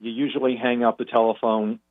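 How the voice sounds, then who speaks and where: A man calling in to a radio show as a guest financial commentator, explaining in a measured way with frequent restarts. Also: medium pitch, flat delivery. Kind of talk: phone-in radio chat. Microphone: telephone call. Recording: tinny phone line.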